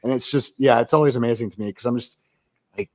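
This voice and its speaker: Male podcast guest, ex-Marine, mid-pitched, blunt and profane, casual. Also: fast talker, a little mellow. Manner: blunt, profane, laughs easily.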